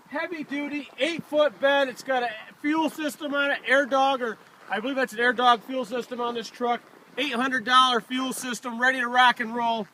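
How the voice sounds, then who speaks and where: A man giving a loud, excitable, folksy sales pitch outdoors while walking around a truck for sale. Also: a little hiss or hum. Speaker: used truck dealer. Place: outdoors by a truck in freezing cold. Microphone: handheld camera filmed by a helper.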